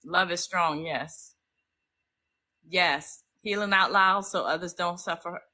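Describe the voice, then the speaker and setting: A middle-aged woman hosts a casual livestream, speaking emotionally and addressing her viewers directly as y'all. Her lowish voice sounds pushed and bright, and she takes it slowly. The recording is rough.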